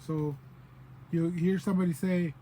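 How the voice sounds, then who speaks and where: Man teaching, mellow and relaxed. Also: high-pitched, moderate pace, slight background noise, poor audio. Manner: explains patiently, repeats example words. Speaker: language teacher. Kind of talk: casual spoken language lesson.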